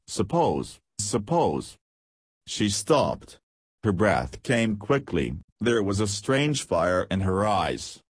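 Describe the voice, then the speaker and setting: Male audiobook narrator, measured and even, low husky voice, dry close recording. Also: dry recording. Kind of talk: scripted narration.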